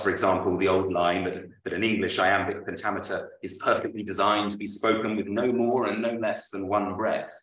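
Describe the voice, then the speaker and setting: A man, an author, reading a prepared lecture aloud at a book launch, with measured, dryly witty delivery. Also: sits low, fairly bright tone. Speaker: author presenting his book. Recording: roomy, voice from far off.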